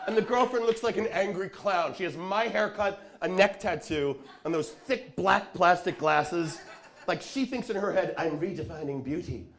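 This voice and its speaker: A man from Long Island doing a stand-up comedy set on a club stage, sardonic and animated as he tells stories. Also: high-pitched, moderate pace, creaky. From Long Island, New York. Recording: live club crowd laughing.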